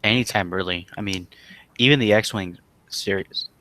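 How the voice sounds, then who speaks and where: A young man co-hosting a casual chat, relaxed and enthusiastic, with lots of fillers. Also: lowish voice, normal speed. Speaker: podcast co-host.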